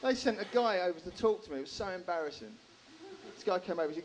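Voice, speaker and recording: A man doing a stand-up comedy set in a live room, animated, swearing freely and acting out characters. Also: sits high, fast, noisy background.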